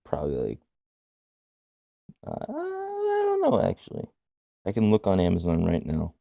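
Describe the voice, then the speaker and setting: A man's voice: deep voice, huge pitch swings, measured pace, creaky, no echo, phone-quality sound. A young man co-hosting a podcast, giggling often and acting out quotes in silly voices. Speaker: podcast co-host. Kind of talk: casual chat.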